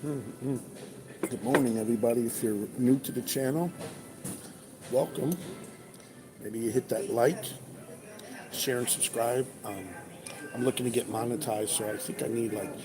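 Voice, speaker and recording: A man's voice: mid-range voice, steady tone, measured pace, pauses often, crowd noise. A man, a truck driver, chatting casually on a livestream, reading viewers' comments aloud over breakfast. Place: truck stop restaurant. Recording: noisy restaurant ambience.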